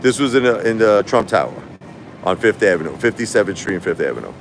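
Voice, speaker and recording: Low-voiced guy on a livestream rambling and repeating himself, faint traffic noise outside. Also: quick pace. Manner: rambling, repetitive, animated when quoting others. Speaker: livestream host. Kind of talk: casual livestream storytelling.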